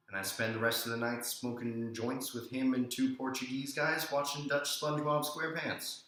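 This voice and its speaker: Guy telling a wild story, animated and chatty, bright voice, really echoey room. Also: mid-range voice. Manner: animated and conversational, with many fillers. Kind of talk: casual personal storytelling.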